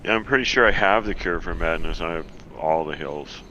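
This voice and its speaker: A man's voice: sits low, fairly quick, sharp tone, slight background noise, rough recording. A man chatting as a player in a tabletop game, rambling and restarting his sentences. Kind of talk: casual tabletop game chat.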